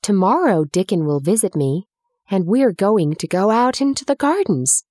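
A woman reading a storybook, voicing a sickly, imperious young boy who speaks in a commanding, excitable way. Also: mid-range voice, normal speed, no room sound, clean studio sound, close to an everyday voice.

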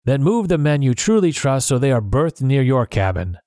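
A stern ship's captain, read by a man in a storybook, speaking curtly and plainly. The voice sits at a middle pitch. The sound is dry and close. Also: big pitch swings, normal speed, dark tone, dry recording, lightly acted. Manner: curt and plain-spoken. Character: stern, blunt male sea captain. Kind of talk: storybook reading.

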